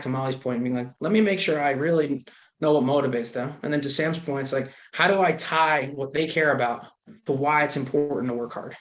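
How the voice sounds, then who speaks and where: Casual man talking on a panel. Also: mid-range voice. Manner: casual, many "like" and "right". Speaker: sales leader panelist. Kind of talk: webinar panel talk. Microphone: video call.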